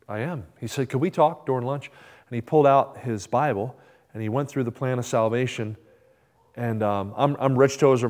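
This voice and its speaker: A middle-aged man preaching, telling a personal story in a lively, animated way, acting out the people in it and asking the congregation "right?". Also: medium pitch. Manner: animated storytelling, acts out quoted voices, asks the congregation "right?". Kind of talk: sermon storytelling.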